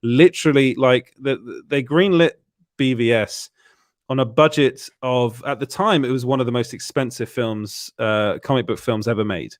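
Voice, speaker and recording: A man's voice: mid-range voice, normal speed, no room sound. Dry, chatty male show host. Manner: repeats words as he restarts sentences, laughing asides. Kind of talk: casual live-stream chat.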